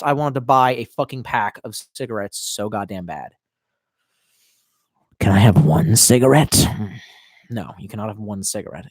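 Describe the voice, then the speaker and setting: A man in his 20s with a mid-range voice chats casually on a live stream, reading chat comments aloud. He sounds drunk, rambles and swears constantly, alternating loud outbursts with quiet mutters, in a dry, studio-quality recording.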